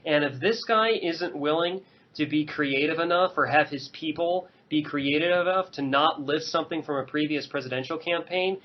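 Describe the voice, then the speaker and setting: Man, podcast co-host, slightly high pitch, measured, hedging, muffled lo-fi sound. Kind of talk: casual podcast chat. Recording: dull lo-fi podcast audio.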